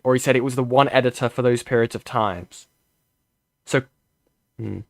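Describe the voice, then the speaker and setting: A man's voice: mid-range voice, moderate pace, vocal fry, no room sound, clean studio sound. A young British man streaming reaction commentary, rambling and swearing, full of fillers and restarts.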